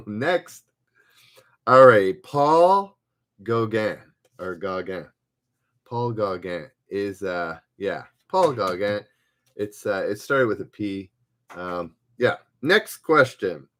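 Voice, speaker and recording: A man's voice: fairly low pitch, animated, a bit bright. A man hosting a live-streamed trivia game, reading each question twice and stopping often to search for words. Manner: halting, hesitant, reads questions aloud twice with many fillers. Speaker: livestream trivia host. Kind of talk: casual live-stream chat.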